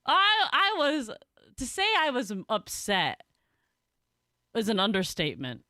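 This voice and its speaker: A young woman chats loosely, piling on fillers and breaking into laughter as she tells her story. Her pitch sits in an ordinary middle range. The recording is close and dry, with no room sound. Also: big pitch swings, unhurried, fairly bright tone, no room sound. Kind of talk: casual chat.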